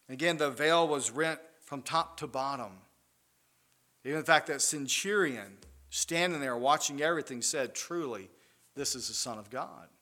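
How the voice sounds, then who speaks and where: Guy preaching a sermon, earnest, gets loud then drops way soft. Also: mid-range voice.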